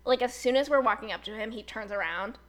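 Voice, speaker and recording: A young woman in her twenties chats through a long personal story, leaning on "like" and slipping into quoted voices as she goes. Her voice sits a little high for a woman, and she keeps the delivery loose and conversational. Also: quick pace. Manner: chatty, fillers like "like", animated retelling with quoted voices. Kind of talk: casual storytelling chat.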